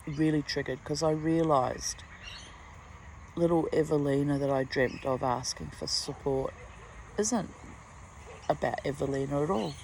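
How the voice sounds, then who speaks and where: An older woman with a gravelly edge to her voice gives a blunt, profane vlog monologue. She swears freely and hits her words hard. Faint outdoor ambience hangs behind her in the garden. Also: deep voice, unhurried, pauses often, a little mellow, slight background noise, low-quality recording. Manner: blunt, profane, emphatic storytelling. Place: outdoors in a garden under a tree.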